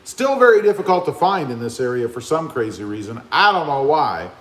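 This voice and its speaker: A man's voice: medium pitch, very animated, fairly quick, roomy sound. A man hosting a casual livestream from his garage, chatting easily and greeting viewers by name over a phone mic. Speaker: livestream host. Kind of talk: casual live chat reading comments. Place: open garage with a fan running. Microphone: cell phone camera.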